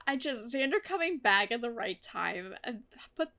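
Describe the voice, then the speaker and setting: A woman with a slightly higher voice talks through her reaction to a TV episode in a loose, casual way. She gushes and gets emotional, swearing freely as she goes. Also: big pitch swings, moderate pace, sharp tone. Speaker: TV reaction vlogger.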